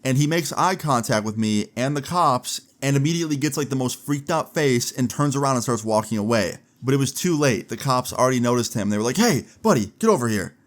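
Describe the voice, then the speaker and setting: A man's voice: medium pitch, brisk, few pauses. A young man casually telling a story on his vlog, chatty and full of "like" fillers. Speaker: vlogger.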